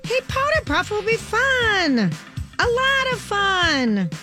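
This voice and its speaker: A woman voicing Mimsy, a manipulative teenage mean girl, reading old notes aloud in a very high girlish voice. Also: big pitch swings, takes it slowly, over music, full character voice. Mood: scheming.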